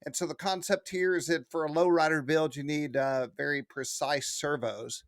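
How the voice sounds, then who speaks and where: A man's voice: a little high, steady tone, normal speed, no echo, clean studio sound. A man hosting a weekly hobby news roundup, chatty and enthusiastic, with frequent fillers. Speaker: host of a weekly RC news show.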